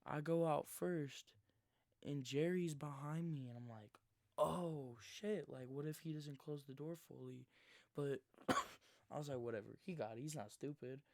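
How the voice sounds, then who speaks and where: A man in his twenties telling a rambling, slangy story in his own words, sometimes dropping into a hushed near-whisper. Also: on the high side, unhurried, vocal fry, dry recording, clean studio sound. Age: 20s. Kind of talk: casual first-person storytelling.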